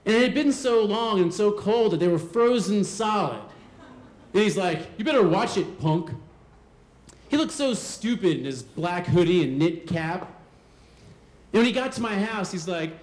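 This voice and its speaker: A man telling a personal story on stage, animated and acting out the voices of the people in it. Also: sits high, normal speed. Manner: animated, acts out quoted voices. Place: live storytelling show venue. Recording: roomy hall sound.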